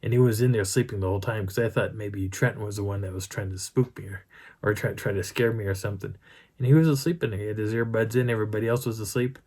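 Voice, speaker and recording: A middle-aged man casually retelling a night-time field encounter in rambling, animated first person, with frequent restarts. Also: fairly low pitch, quick pace. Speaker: Bigfoot researcher telling a field story.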